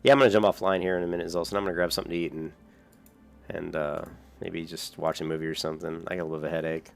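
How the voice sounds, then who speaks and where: A man's voice: low voice, little pitch movement, racing, creaky, faint music behind. A young adult man streaming a game, chatting casually with viewers, rambling and swearing lightly between chuckles. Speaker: gaming streamer. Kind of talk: casual gameplay chat with viewers.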